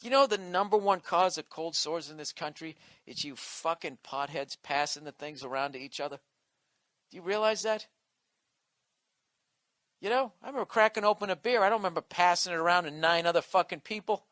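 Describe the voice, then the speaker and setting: Ranting comedian man, bright dry voice. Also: high-pitched, brisk, no echo. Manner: profane ranting, mocking impressions. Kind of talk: podcast rant.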